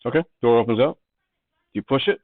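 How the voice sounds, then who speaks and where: A man runs a tabletop game, describing each room as he thinks aloud about what the players can see. His voice comes through a narrow, tinny line with no room sound around it at all. He speaks at an everyday pitch. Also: fairly quick, no room sound. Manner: descriptive, thinking aloud while setting scenes. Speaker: game master.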